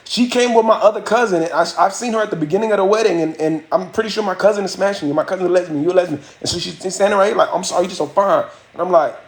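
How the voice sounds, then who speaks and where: A man's voice: high-pitched, racing, few pauses. A man hosting a livestream, telling a story casually and animatedly, full of profanity and acted-out quotes. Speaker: livestream host. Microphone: phone or webcam mic.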